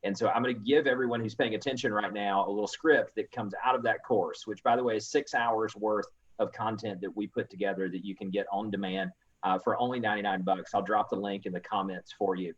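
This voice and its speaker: A man's voice: fairly low pitch, steady tone, fairly quick, husky. A man hosting a real estate coaching webinar, teaching sales scripts and acting out buyer replies with animation. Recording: dull lo-fi audio.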